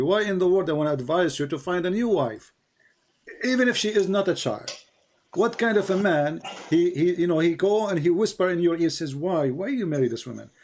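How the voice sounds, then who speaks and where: A man's voice: fairly high pitch, a little mellow. Emphatic man arguing in a debate call. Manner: emphatic, questioning, mixes in quoted voices. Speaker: online debate host. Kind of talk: live call-in religious debate.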